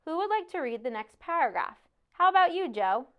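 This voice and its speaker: A woman's voice: high-pitched, very animated, a little fast, highs cut off, voice pushed up. A woman voicing a patient female schoolteacher speaking politely to her class.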